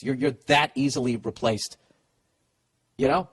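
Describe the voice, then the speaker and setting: A man's voice: fairly high pitch, brisk, fairly bright tone. A man hosting a podcast, giving blunt comedic advice in a profane rant full of stammered restarts. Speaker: podcast host.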